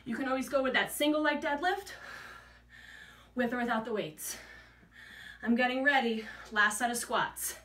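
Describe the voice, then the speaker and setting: A woman's voice: on the high side, expressive, normal speed, long pauses, sharp tone. A woman fitness instructor leading a workout class, out of breath and encouraging as she counts reps while exercising. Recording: echoey room, mic at a distance.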